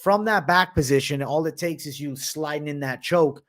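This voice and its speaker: A man's voice: a little high, moderate pace, a bit bright. A young man hosting a casual livestream, reading viewers' questions aloud and answering with blunt, slangy opinions. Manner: slangy, says bro and man often.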